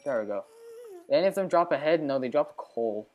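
Her pitch is extremely low and her pace a little fast as this gaming channel host talks directly to viewers in a chatty let's play. She has sudden excitable outbursts, and the recording's highs are cut off.

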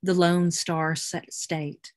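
An American woman poet reading her poems aloud in a measured, deliberate way. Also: fairly low pitch, little pitch movement, dry recording. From United States. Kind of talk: poetry reading.

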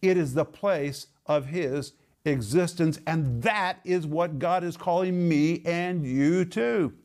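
A man giving a televised Bible teaching in an emphatic way. He slows right down to stress key words and explains word meanings step by step. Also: on the high side, darkish tone.

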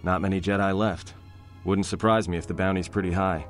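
An actor playing a sarcastic, roguish young prisoner in a video game, with a low, gruff voice and dry, cocky delivery. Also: male voice, fairly even intonation, brisk, close to an everyday voice. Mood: sardonic. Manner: wry, cocky, dry jokes. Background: game music.

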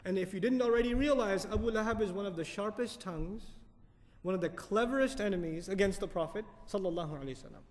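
A man lecturing on Quran commentary, animated, asking the audience questions and reciting Arabic verses quickly. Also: sits high, big-room sound. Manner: animated, asks the audience questions and answers them. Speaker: Quran teacher.

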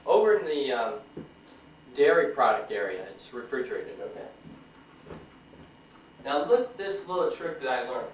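A man's voice: mid-range voice, big pitch swings, moderate pace, long pauses. A man casually narrating to his own camera in a home kitchen, chatting and joking as he explains each step. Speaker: home video maker. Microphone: built-in mic of a 1994 home camcorder. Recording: roomy, distant, faint hiss.

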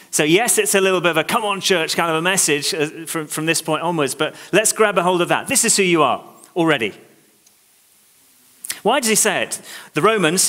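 A man preaching a sermon, reading scripture aloud and then urging his congregation on with animated, exhorting emphasis. His voice sits a little high and sounds bright and forceful. The sound carries the long reverb of a large church hall.

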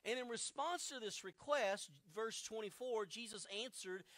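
A man's voice: very high voice, normal speed, hardly any pauses, a bit bright. A man preaching a sermon as pastor, explaining scripture with vivid modern retellings.

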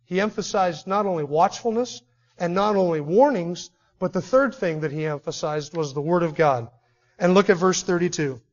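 A man's voice: high voice, normal speed, dull audio. A man, a pastor, preaching an expository sermon earnestly, swelling into emphatic declarations. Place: church sanctuary.

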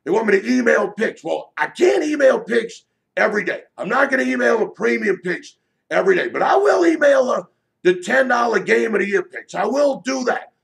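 Gravelly, loud-mouthed betting tout. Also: male voice, very high voice, sing-song, moderate pace. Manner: brash, shouting, profane, repetitive. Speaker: sports betting handicapper selling picks. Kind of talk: loud promotional sales pitch.

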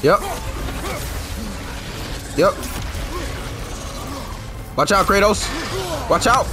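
A man commentating his own gameplay, excitable, cursing and shouting at the game. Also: high voice, very slow. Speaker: gameplay streamer. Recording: game music and sound effects behind the voice.

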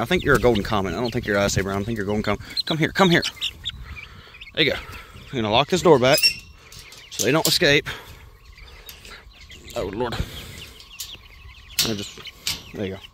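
A man's voice: mid-range voice, brisk, long pauses, noisy background. A man vlogging about his exotic pets, rambling on and chatting to the animals as he goes. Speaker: exotic pet breeder and vlogger. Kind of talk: casual rambling vlog, walking around animal enclosures. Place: outdoors in a yard with animal pens, partly indoors at reptile tanks.

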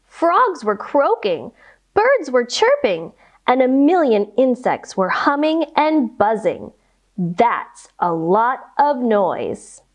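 A young woman leads a children's yoga storytime, reading the tale aloud and calling out playful animal noises. Her voice is fairly high and swings widely in pitch. She speaks slowly and clearly for small listeners. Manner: animated, slow, playful sound effects for kids.

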